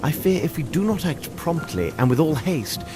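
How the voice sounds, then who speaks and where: A man voicing Sherlock Holmes as a sharp, aloof Victorian detective in a game, with a crisp, condescending manner. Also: a little high, expressive, moderate pace, lightly acted. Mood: haughty. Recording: game audio under music.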